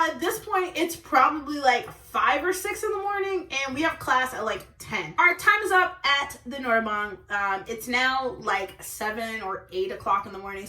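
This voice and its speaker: Animated young woman telling a story. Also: sits high, roomy sound, far from the mic. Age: young adult. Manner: animated, laughs often, says okay and like a lot. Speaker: vlogger. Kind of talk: storytime vlog.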